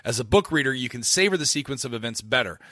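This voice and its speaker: Bright-voiced podcast host from Florida. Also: male voice, medium pitch, animated, fast, no echo, clean studio sound. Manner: chatty, loose, many fillers and restarts. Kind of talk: casual podcast chat.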